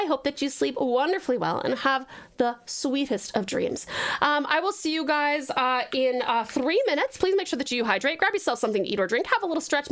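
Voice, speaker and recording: A woman's voice: sits high, fairly bright tone. A young Australian woman from Tasmania, chatting casually and affectionately with her live-stream audience, bubbly and giggly.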